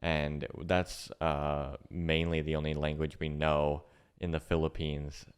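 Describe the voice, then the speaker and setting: A man's voice: a bass voice, little pitch movement, a little slow, clean tone. An American man co-hosting a reaction video, rambling in casual chat. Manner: rambling, lots of fillers and restarts.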